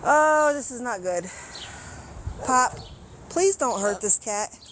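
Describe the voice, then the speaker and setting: Walking her pets outdoors in a neighborhood, this American pet vlogger chats with her viewers and coaxes the animals in a high, sing-song tone. Her delivery is slow, her intonation lively, and her voice a bit bright, with slight background noise.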